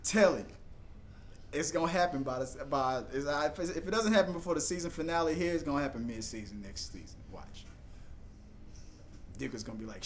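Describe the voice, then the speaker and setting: A young man hosting a live TV reaction, rambling and joking excitedly as he talks over the episode. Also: brisk, long pauses. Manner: excitable, rambling, jumps into high put-on voices for jokes. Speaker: reaction video host.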